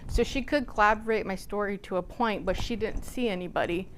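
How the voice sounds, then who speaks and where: A woman from Nebraska giving a lecture by telling a personal story, animated and acting out the dialogue she recounts. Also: mid-range voice, a little fast, slight background noise. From Nebraska, USA. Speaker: guest lecturer.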